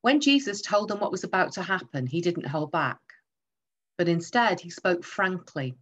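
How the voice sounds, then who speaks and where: A woman's voice: fairly low pitch, animated, normal speed. A woman preaching a sermon, emphatic and teaching through rhetorical questions.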